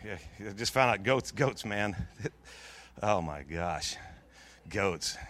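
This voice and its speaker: A middle-aged man preaching in a church, telling a long personal story in a jokey, lively way with many restarts. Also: on the low side, slow. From Pacific Northwest of the US. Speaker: pastor. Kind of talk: storytelling sermon.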